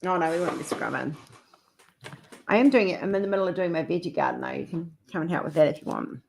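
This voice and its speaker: Chatty middle-aged woman host of a live chat stream, fairly low voice, laughs easily. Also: expressive, quick pace, creaky, a little mellow, slight background noise. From Australia or New Zealand. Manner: chatty, affectionate, laughs often. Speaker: livestream host. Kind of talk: casual live chat with viewers.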